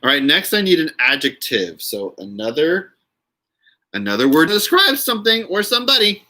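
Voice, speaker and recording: A man's voice: a little high, sing-song, normal speed, sharp tone. A man hosting a casual live stream, chatting with viewers in a giggly way and reading their names aloud.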